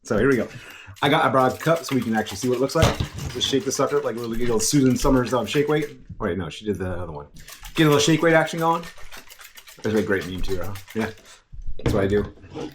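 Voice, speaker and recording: A man's voice: mid-range voice, expressive, fast, noisy background. A middle-aged man casually taste-testing snacks on his vlog, chatty and rambling, often laughing at himself. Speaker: food reviewer. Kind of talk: casual food-tasting vlog.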